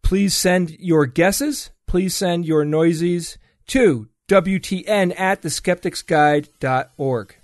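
A man's voice: high-pitched, takes it slowly, hardly any pauses, no room sound. A man co-hosting a podcast in casual chat, often chuckling as he talks, recorded on a close mic. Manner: chuckles often while talking. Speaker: podcast co-host running a sound-guessing segment. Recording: dry close-miked sound.

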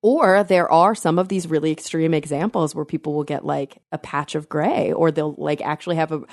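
A woman co-hosting a podcast, explaining science in a chatty way, thinking aloud with fillers and quick self-corrections. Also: low-pitched, a little mellow, dry recording, studio quality. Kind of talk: casual science chat.

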